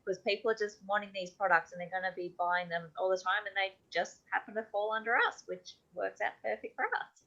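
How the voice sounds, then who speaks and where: Woman panelist, sharp bright tone, emphatic, lo-fi call sound. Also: mid-range voice, fairly even intonation, fairly quick, gravelly. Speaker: panel participant. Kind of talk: casual online group discussion.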